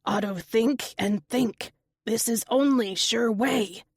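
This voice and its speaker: A woman voicing an old male lizard servant who speaks in broken, halting English, anguished and loyal, in an audiobook. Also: on the high side, husky, dry recording, clean studio sound. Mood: grim.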